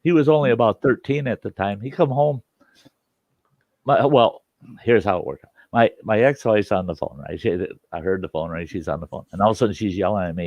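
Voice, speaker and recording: An older man, the host, telling a story in a folksy, chuckling way with rough country grammar, on a dull, dry lo-fi recording. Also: lowish voice, expressive, brisk, a little mellow, no room sound. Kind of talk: casual spoken storytelling.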